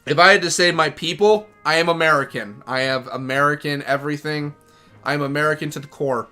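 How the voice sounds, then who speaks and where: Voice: mid-range voice, a little fast, bright, forceful tone, faint music behind. A gaming streamer giving casual, rambling commentary as they play, joking and self-deprecating.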